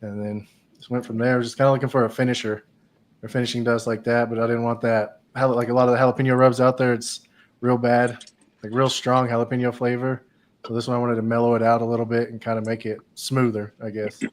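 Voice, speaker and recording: A man's voice: medium pitch, flat delivery, fast talker. A man who makes barbecue rubs, explaining his product matter-of-factly in casual podcast chat. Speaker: rub maker.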